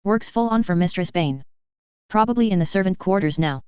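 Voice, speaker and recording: A woman's voice: mid-range voice, animated, a little fast, a little mellow, no room sound, lightly acted. A woman reading the lines of a big, crude, boisterous male soldier who talks bluntly and swears. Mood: gruff. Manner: blunt, swearing, rough-spoken. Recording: slightly dull, dry lo-fi recording.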